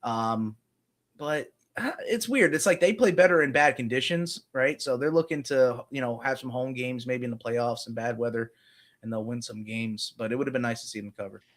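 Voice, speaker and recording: A man's voice: mid-range voice, moderate pace. A man co-hosting a sports betting podcast, talking casually and thinking aloud with lots of fillers. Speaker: podcast co-host.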